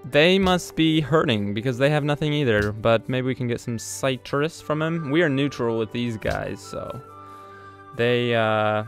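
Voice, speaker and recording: A man's voice: mid-range voice, measured pace. Man mumbling through casual game commentary. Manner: rambling and hesitant, with many ums and self-corrections. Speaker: let's play host. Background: faint game music.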